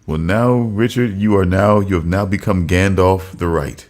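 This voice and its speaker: A man's voice: sits low, normal speed, a little mellow. A man co-hosting a casual podcast chat, thinking aloud and circling back through restarts as he works out his point. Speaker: podcast co-host.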